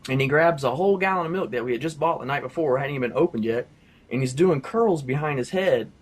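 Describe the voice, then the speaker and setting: Excitable man telling a testimony story. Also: quick pace. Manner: rambling storyteller, many fillers like "you know" and "like"; voice climbs high and loud at exciting moments. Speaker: person sharing a faith testimony. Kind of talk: casual spoken testimony.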